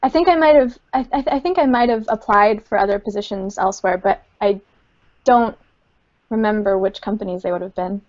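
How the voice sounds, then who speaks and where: A woman's voice: mid-range voice, a little fast, a little mellow, muffled recording. A woman, a game studio community manager, chatting casually in an interview with many fillers and frequent laughs, over a computer microphone.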